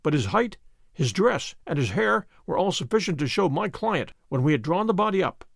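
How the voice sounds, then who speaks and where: An actor playing a sharp, methodical detective, recounting a case with precise, measured storytelling in a radio drama. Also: male voice, high voice, big pitch swings, vocal fry, no room sound, clean studio sound, heavily acted. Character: Holmes, sharp methodical male detective narrating.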